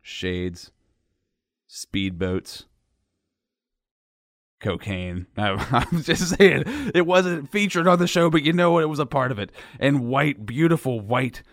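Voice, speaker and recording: A man's voice: on the high side, animated, normal speed, few pauses, fairly bright tone, dry recording, clean studio sound. A man hosting a radio show, joking and rambling in casual chat.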